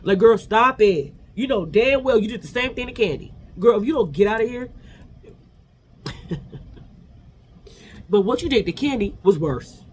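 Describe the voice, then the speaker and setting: A man hosting a vlog, giving an animated, sassy casual recap of a reality TV episode. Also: high voice, normal speed, long pauses, slight background noise. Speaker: vlog host.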